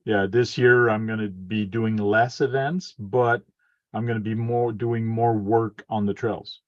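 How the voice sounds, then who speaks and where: A man's voice: lowish voice, steady tone, unhurried, no echo. A man chatting casually with a friend on a livestream, laid-back and brief in his replies. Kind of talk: casual chat. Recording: dull, dry lo-fi audio.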